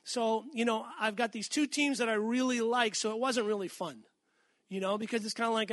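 High-voiced man preaching a sermon. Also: a bit bright, no echo, studio quality. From Massachusetts. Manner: conversational, asks the congregation questions, slows for scripture. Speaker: pastor.

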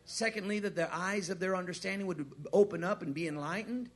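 A man with a high voice and a drawl preaches a sermon. He drops to a near whisper, then rises sharply in pitch and volume, repeating phrases and calling on the crowd to agree. His speech comes in short bursts with restarts. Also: fairly quick. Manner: wide swings from hushed to loud, repeats words, asks the crowd. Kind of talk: sermon with a personal story.

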